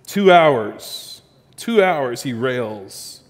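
A male pastor preaching a sermon, telling a story with rising emphasis and then dropping soft and low. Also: very animated, very slow, big-room sound.

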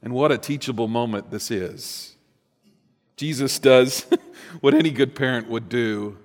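A man's voice: medium pitch, a little slow. A man preaching a sermon as pastor, reading scripture and then talking with playful asides to the congregation. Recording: long hall reverb.

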